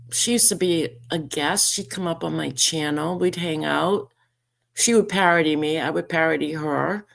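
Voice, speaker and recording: A YouTuber with a low voice and vocal fry vlogs casual commentary in response to a message. She reads messages aloud and mocks them, sounding indignant and sarcastic.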